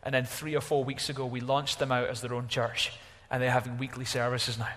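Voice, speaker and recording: A man preaching a sermon as pastor, animated, exclaiming at times and dropping to a hush at others. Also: mid-range voice, fairly quick, long reverb tail. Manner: animated, exclaiming, varies from loud to hushed.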